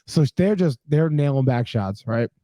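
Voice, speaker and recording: A man in his thirties tells a story on a casual podcast, jumping into the voices of the people in it and swearing freely. His voice is mellow and relaxed. The sound is dry and close. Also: mid-range voice, normal speed, dry recording. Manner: animated storyteller, acts out quotes, swears casually. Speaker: podcast co-host.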